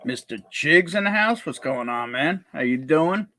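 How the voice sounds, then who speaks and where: A man hosting a casual whiskey livestream, greeting viewers with jokey, upbeat shout-outs. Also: a little high, expressive, normal speed, a little hiss or hum. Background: faint background music.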